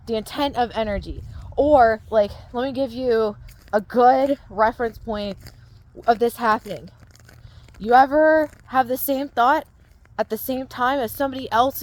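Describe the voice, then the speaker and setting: A woman mindset coach talking casually to her viewers, explaining step by step and often checking in with "right?". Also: a little high. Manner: conversational, explaining with frequent "right?" check-ins. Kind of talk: casual talk to camera.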